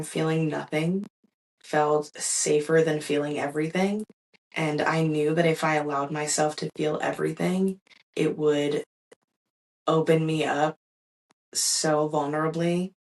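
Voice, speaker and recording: Young woman podcasting about her own life, low voice, kinda far from the mic, candid and reflective. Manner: candid and reflective, with soft laughs and fillers. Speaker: podcast host. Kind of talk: personal storytelling monologue.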